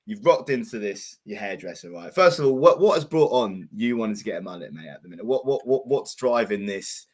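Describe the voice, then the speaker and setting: A man's voice: medium pitch, lively intonation, brisk, creaky, few pauses, a little mellow. Teasing young man, says mate. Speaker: co-host. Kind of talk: casual banter chat.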